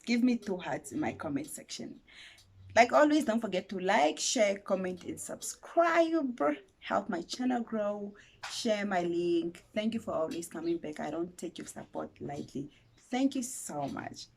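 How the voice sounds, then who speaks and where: A young Namibian woman telling a story on her vlog, her voice swooping up and down as she talks. She is dramatic and animated, pitched right in the middle for a woman. It is casual, chatty storytelling straight to her viewers. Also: unhurried, vocal fry. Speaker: YouTuber.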